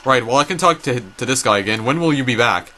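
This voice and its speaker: A man's voice: medium pitch, expressive, fast talker, sharp tone, slight background noise. A man playing through a story game, reading its text aloud and adding casual remarks, often tripping over names. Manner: reads dialogue aloud, stumbles over names. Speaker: gameplay narrator.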